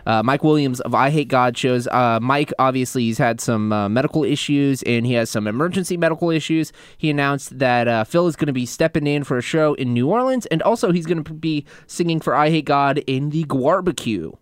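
A man's voice: medium pitch, fairly quick, hardly any pauses, clear, resonant tone, no echo, clean studio sound. A man co-hosting a heavy metal radio show, reading band news in casual chat with crude, offhand jokes.

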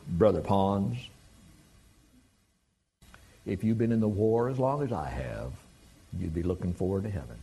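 A man's voice: sits low, lively intonation, gravelly, warm tone, a little hiss or hum, voice pushed down, exaggerated voice. A man doing a drawling Southern professor. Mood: gentle. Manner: slow drawl. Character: older male Southern professor, calm and kindly.

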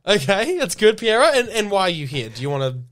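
A podcast co-host, teasing the other host and laughing quickly. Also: mid-range voice, big pitch swings, a bit bright. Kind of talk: casual comedy podcast chat.

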